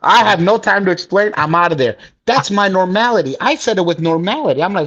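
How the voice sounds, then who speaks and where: A man's voice: high voice, a little fast. Blunt, profane man with a muffled sound. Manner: blunt and profane, animated storytelling. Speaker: interview guest, peer mentor. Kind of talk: candid podcast conversation.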